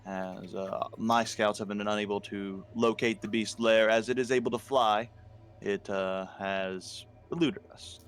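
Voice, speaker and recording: A man voicing a solemn, formal river king in a tabletop game, speaking in a measured, hesitant way. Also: fairly low pitch, clean tone, natural voice. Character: solemn middle-aged human river king.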